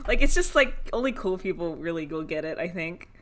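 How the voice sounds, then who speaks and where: A woman's voice: on the low side, expressive, a little fast, a bit bright. A woman co-hosting a podcast, chatting casually and giggling as she recaps a cartoon episode and acts out the characters' lines. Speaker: podcast co-host.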